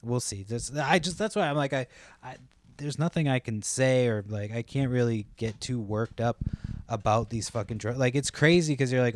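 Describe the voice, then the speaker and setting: A man's voice: medium pitch, normal speed, no room sound. A man, rambling casually and profanely as a solo podcast host, full of fillers.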